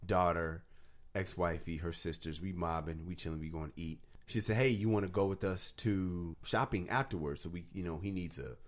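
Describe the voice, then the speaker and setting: Low-voiced man telling a lively story. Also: normal speed. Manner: animated storyteller, acts out quotes, laughs often. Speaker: podcast co-host. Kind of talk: casual chat.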